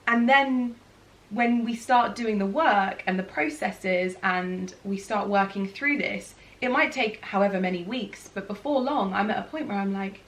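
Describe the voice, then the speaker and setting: A woman guest and former client, speaking earnestly and reflectively with halting restarts. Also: mid-range voice. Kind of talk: conversational interview. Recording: roomy sound, distant from mic.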